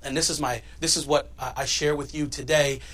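Guy pastor preaching, kinda high voice, goes big then real quiet. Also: fairly even intonation, fairly quick. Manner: dynamic preaching, swings from loud to hushed. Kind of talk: sermon.

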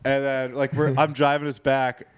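A man's voice: mid-range voice, level tone, moderate pace, smooth, no echo. A man in his twenties, a podcast co-host, telling a workplace story in casual, profane chat.

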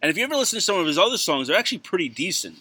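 Joking chatty man, very bright voice. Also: high-pitched, sing-song, rapid-fire, slightly rough, no echo. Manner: chatty, joking, laughs while talking. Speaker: podcast co-host. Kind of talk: casual chat.

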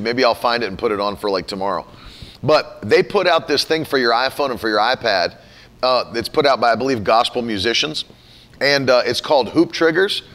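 A man giving a casual teaching talk on faith, animated, often laughing and mimicking other people's voices. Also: mid-range voice.

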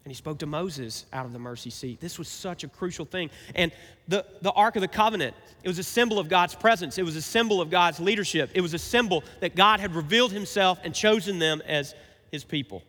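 Guy pastor preaching, kinda high bright voice, lots of questions to the crowd, big echoey church hall. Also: fairly quick. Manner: conversational preaching with rhetorical questions. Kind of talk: sermon.

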